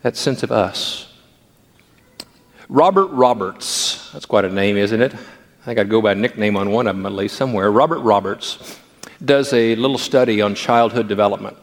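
A man's voice: fairly low pitch, fairly even intonation, brisk, big-room sound. An older male pastor who gives a sermon through playful anecdotes about family life.

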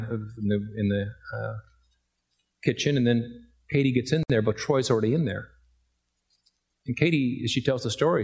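A middle-aged man delivers a sermon in an ordinary mid-range voice. He moves from gentle storytelling into emphatic, rising points. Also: medium pitch. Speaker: pastor.

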